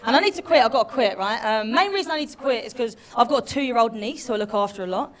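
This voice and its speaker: A woman from the UK doing a cheeky stand-up set, loud and chatty with the crowd. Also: on the high side, lively intonation, quick pace. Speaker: stand-up comedian.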